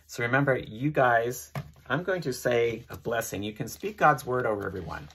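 A man's voice: medium pitch, moderate pace, fairly bright tone, husky. A man giving an informal sermon, earnest and repeating phrases as he leads listeners in prayer. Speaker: preacher.

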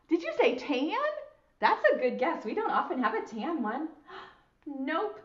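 Preschool teacher lady, high voice that swoops all over, slow and sing-songy, echoey and kinda muffled. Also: sing-song. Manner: sing-song, slow and exaggerated, with frequent praise. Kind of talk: teaching young children on video. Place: school. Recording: roomy, slightly dull lo-fi sound.

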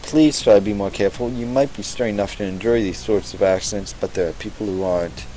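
Picture a composed, courteous schoolgirl with gentle authority, read out by a man. The voice is low and deep, read evenly for a game. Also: quick pace, a little hiss or hum, natural voice, rough recording. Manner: reads aloud flatly in own voice. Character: calm, polite young female student.

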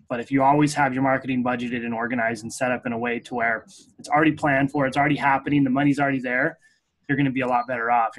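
A man co-hosting a casual business talk show, explaining his points in a direct, steady way. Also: medium pitch, poor audio. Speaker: podcast co-host.

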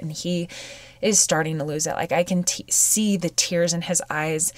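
Weepy, halting woman on a podcast. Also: lowish voice, steady tone, no room sound. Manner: halting and searching, with frequent sighs. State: weepy, on the edge of tears. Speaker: podcast host. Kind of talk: personal podcast monologue.

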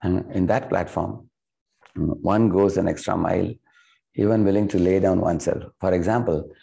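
Middle-aged Indian English speaker, spiritual teacher, deep mellow gravelly tone, storytelling lecture. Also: male voice, fairly even intonation, moderate pace. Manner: earnest storytelling, acts out quoted characters with rising emotion.

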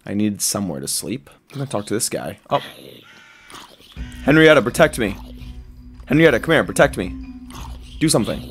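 A man giving excitable, jokey commentary while playing a survival game, squealing high whenever he is delighted. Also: normal speed, long pauses, soft background music. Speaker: gaming video creator.

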